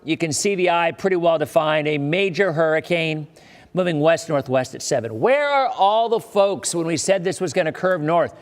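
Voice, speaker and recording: A man's voice: a little high, lively intonation, moderate pace, in a large hall. A man hosting a live weather forecast, talking in a chatty way with joking asides to his viewers.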